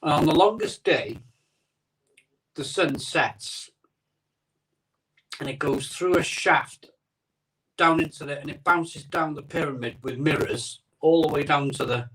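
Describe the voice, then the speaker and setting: A man's voice: a little high, measured pace, long pauses, a bit bright, recorded from a distance, poor audio. A man hosting a live stream from his home conservatory, rambling and chatting casually while greeting viewers, recorded on an iPhone. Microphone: iPhone microphone.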